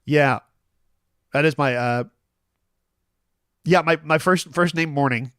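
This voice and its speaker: A man's voice: fairly high pitch, slow pace, a bit bright, smooth, no echo, clean studio sound. A man about to turn fifty hosts a casual live-stream chat alone, rambling and self-deprecating, with many restarts and fillers. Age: 40s. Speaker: host.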